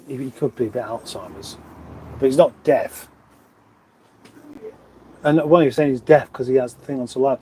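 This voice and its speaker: A man's voice: medium pitch, darkish tone, breathy edge, rough recording. A middle-aged man from England hosting a casual livestream, rambling on and reading viewer comments aloud. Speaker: livestream host. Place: home room, indoors.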